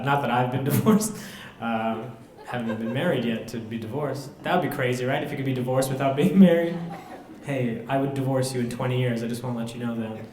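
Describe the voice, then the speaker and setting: A young Southern Californian man performs deadpan, self-deprecating stand-up at a college student center, filling gaps with pauses. His pitch is medium, and the room is echoey.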